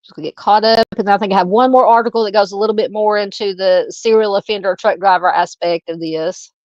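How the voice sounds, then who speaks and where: A woman from Arkansas with a Southern Arkansas accent, hosting a true crime live stream, thinking aloud in a halting way while she reads and answers viewer comments. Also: medium pitch, steady tone, a little mellow, dry recording, highs cut off.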